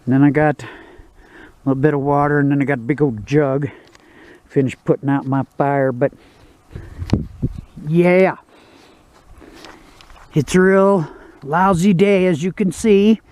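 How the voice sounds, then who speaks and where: A man's voice: fairly high pitch, fairly even intonation, a little slow, pauses often, a little mellow, no echo. A man chatting casually to the camera outdoors at a backcountry campsite, rambling and laid-back with lots of fillers. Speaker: outdoor vlogger. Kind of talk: casual outdoor vlog chat.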